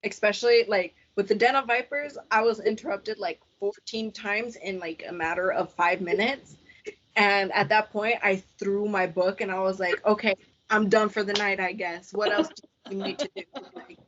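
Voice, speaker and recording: A woman in casual book chat on a podcast, blunt and quick to swear. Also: medium pitch, fairly even intonation, a bit bright, slight background noise. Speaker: podcast co-host. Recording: dull lo-fi sound.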